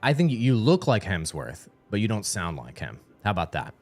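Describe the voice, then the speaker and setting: A man hosting a game showcase livestream, joking loudly and mock-excited in casual banter with a guest. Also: fairly low pitch, normal speed, faint music behind. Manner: loud, goofy, mock-excited. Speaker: host.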